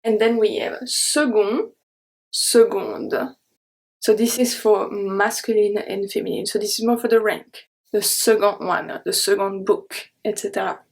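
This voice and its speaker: A woman teaching a French pronunciation lesson, saying each example word slowly and carefully and repeating it. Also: mid-range voice, steady tone, gravelly. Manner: slow, careful enunciation of example words. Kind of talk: online language lesson.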